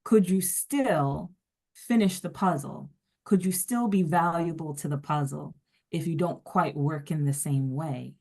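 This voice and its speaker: Low-voiced woman leading a workshop. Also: a little slow, a little mellow. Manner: conversational, poses questions to participants. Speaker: workshop facilitator. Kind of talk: workshop lecture.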